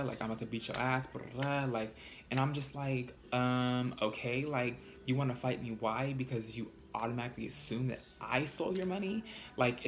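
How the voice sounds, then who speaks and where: Young guy vlogger, sassy and blunt, mid-pitched voice, casual storytime delivery. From California. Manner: animated, sassy, swears freely.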